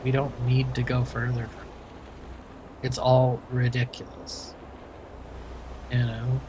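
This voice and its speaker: A man's voice: mid-range voice, monotone, takes it slowly, noisy background. A man from Maine with a light Maine accent touched by Southern, chatting casually and rambling as a streamer while playing a driving game. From Maine, USA. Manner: rambling and chatty, many restarts.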